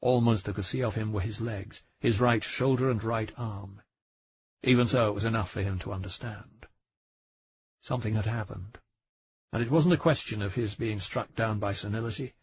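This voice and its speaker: Husky guy narrating a detective audiobook, dry dull sound, steady read. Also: on the low side, moderate pace. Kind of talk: scripted narration.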